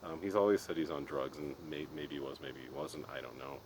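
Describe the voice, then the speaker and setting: A man's voice: a bass voice, a little fast. A middle-aged man venting in a casual monologue, exasperated and ranting, restarting often. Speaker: podcast host. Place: Colorado. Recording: noisy background.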